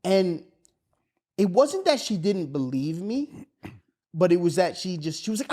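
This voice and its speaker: A man's voice: high-pitched, big pitch swings, a little slow, pauses often, dark tone. A man, co-hosting a podcast, telling a story in a casual way and acting out the voices of the people in it, with a lot of swearing. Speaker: podcast co-host.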